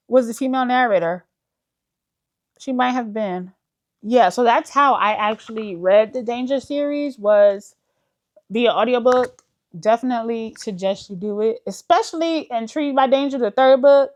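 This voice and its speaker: A woman's voice: a little high, normal speed, a little mellow, highs cut off. A woman book vlogger in casual chat, enthusiastic and full of fillers, calling her viewers "y'all". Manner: chatty, enthusiastic, uses many fillers like "like".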